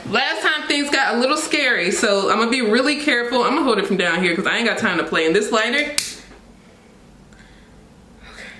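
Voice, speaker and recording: A young woman, excitedly unboxing and reviewing a wig, repeating herself and laughing often. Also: mid-range voice, echoey room, slight background noise. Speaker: beauty vlogger reviewing a wig.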